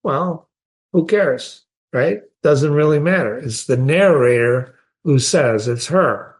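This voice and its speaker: A man's voice: a little high, slow pace. A man, teaching a short story in a conversational way and often asking the listener questions. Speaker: literature teacher.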